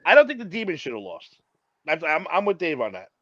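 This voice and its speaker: A fairly high-voiced man from Queens co-hosting a sports podcast, blunt and quick to swear. His mic sounds dull and lo-fi. The sound is dry. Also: huge pitch swings, a bit bright, no room sound. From Queens, New York. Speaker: podcast co-host. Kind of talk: casual sports chat.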